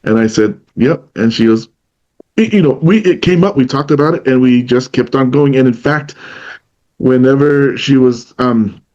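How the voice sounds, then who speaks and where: A man's voice: mid-range voice, normal speed, darkish tone. Man telling stories, dull lo-fi sound. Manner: storytelling, retells what others said in their voice. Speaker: podcast co-host. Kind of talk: casual conversation.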